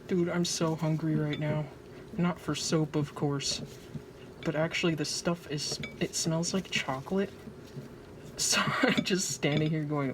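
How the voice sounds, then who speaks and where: A woman's voice: low-pitched, steady tone, measured pace. A woman narrating her own craft project in a casual vlog, anxious, dramatic and joking at her own expense. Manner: anxious, dramatic, self-mocking. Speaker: vlogger. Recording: noisy home recording.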